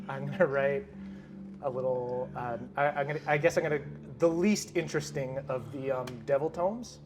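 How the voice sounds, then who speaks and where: A man playing in a tabletop game, speaking in character with hesitant, halting phrasing, over background music. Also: mid-range voice. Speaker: player. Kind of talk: tabletop game role-play.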